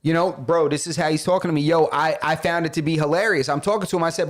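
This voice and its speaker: A man co-hosting a podcast, telling a story in an animated casual way and saying "bro" often. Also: on the high side, fast talker, hardly any pauses. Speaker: podcast co-host. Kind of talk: casual chat.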